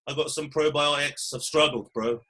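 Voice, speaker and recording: A man co-hosting a podcast, telling stories in a casual, sweary, animated way. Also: fairly high pitch, normal speed. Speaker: podcast co-host. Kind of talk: casual chat.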